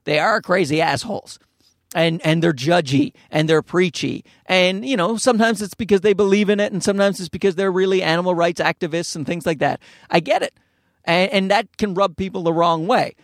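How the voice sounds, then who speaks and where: A young man hosting a casual solo podcast from inside his parked car, ranting in a profane, rambling way and jumping up to high pitches. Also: a little fast, dry recording, clean studio sound. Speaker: podcast host.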